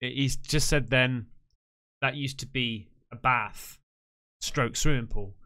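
A man's voice: medium pitch, slow pace, bright, forceful tone. A man reacting to a video, swearing and exclaiming in alarm. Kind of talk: casual reaction commentary.

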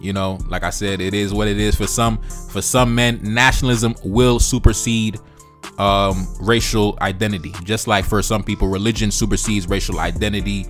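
A man reading a news article aloud and reacting to it with animated, profane commentary. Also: fairly low pitch, moderate pace, faint music behind. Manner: animated, profane, acts out quoted voices. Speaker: political commentator.

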